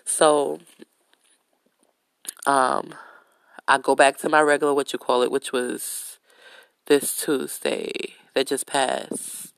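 A woman hosting a podcast, telling a story in a casual, blunt way with heavy swearing and lively retelling. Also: rumbling low, slow pace, vocal fry, long pauses, no room sound. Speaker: podcast host.

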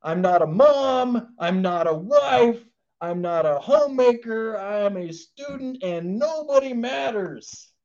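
A man voicing a woman student who is obsessed with learning and dismisses everyone else, speaking in slow, haughty declarations on a dull lo-fi recording. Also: high-pitched, animated, a little mellow, voice pushed up, heavily acted.

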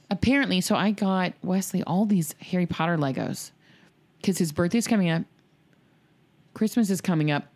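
A woman's voice: lowish voice, normal speed, long pauses. A woman in her thirties chatting casually as a podcast co-host, telling family stories and acting out what people said. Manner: animated storyteller who acts out quoted voices. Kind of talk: casual chat.

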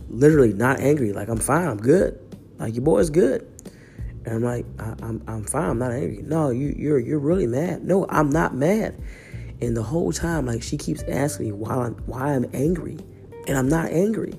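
Chill podcast guy with a bit of a cold, low gravelly voice, rambling easy. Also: warm tone. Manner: laid-back, rambling, says "man" a lot. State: has a slight cold. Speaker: podcast host. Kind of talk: casual solo podcast monologue.

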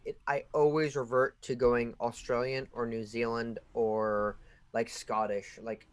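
Young man, podcast co-host, casual chat, rambling, filler-heavy, mid-pitched voice. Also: fairly bright tone.

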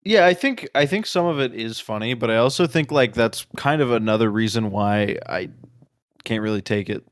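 A man's voice: mid-range voice, moderate pace, smooth, dry recording, clean studio sound. A man co-hosting a casual book discussion podcast, musing hesitantly with many fillers. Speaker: podcast co-host.

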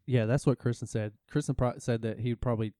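A man's voice: mid-range voice, fairly even intonation, fairly quick, mellow, dry recording, clean studio sound. A man co-hosting a casual talk show, telling a long story in a rambling, self-interrupting way. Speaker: podcast co-host.

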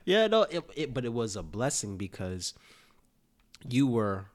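A young man in casual conversation, telling a story with animated delivery, laughing often and acting out the lines he quotes. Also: medium pitch, unhurried. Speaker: former player, interviewer.

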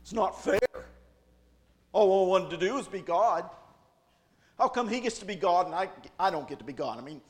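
A man's voice: sits high, animated, moderate pace, pauses often, voice pushed up. A man voicing a sulking, petulant male fallen angel who whines that things aren't fair and plots revenge. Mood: whiny. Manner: petulant whining, then gleeful plotting.

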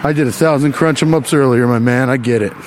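A man hosting a podcast, delivering a rambling, profane comedic monologue with quick asides. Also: medium pitch, background noise. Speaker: podcast host.

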